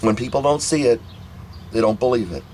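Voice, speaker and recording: A man's voice: medium pitch, animated, fairly quick, darkish tone, slight background noise, low-quality recording. A man telling a family story in a rambling, casual monologue, full of repeats and restarts. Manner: rambling, repetitive, many restarts.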